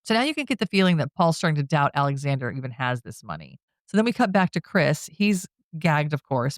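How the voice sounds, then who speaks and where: A man's voice: fairly high pitch, lively intonation, a bit bright, dry recording, studio quality. A man co-hosting a podcast, casually recapping a film plot in a chatty way, laughing often and slipping briefly into the characters' lines. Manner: chatty, laughs often, drops into quick quoted voices. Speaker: podcast co-host.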